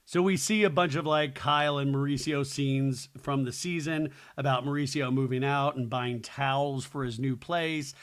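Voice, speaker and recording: A man's voice: medium pitch, fairly even intonation, normal speed, hardly any pauses, smooth. A man hosting a podcast, chatting casually through a reality TV recap with opinionated asides. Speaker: podcast host.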